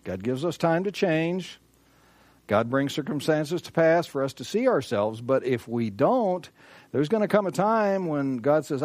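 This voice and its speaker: Emphatic preacher man, higher voice. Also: lively intonation, a little slow, darkish tone, dry recording. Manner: emphatic, repeats key phrases, asks rhetorical questions. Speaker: pastor. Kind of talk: sermon.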